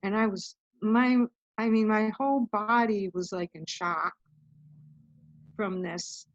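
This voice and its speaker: A woman's voice: mid-range voice, dry recording. Chatty woman guest on muffled audio. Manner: chatty, recounts events with lots of "I'm like". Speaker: podcast guest. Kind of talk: casual storytelling.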